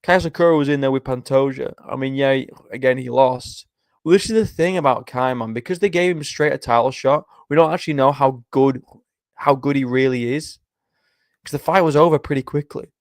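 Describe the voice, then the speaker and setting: A man's voice: mid-range voice, a little fast, dry recording, studio quality. A tired young man hosting a live stream, chatting casually, swearing often and reading out viewer comments. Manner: chatty, swears often, reads chat aloud. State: tired, yawning. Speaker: livestream host making fight predictions. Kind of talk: casual chat.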